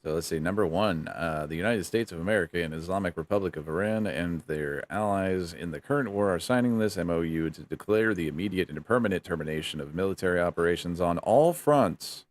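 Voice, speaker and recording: A man's voice: low-pitched, a little fast, few pauses. A man co-hosting a casual political chat, laid-back and wry, swearing casually and reading points aloud. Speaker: co-host.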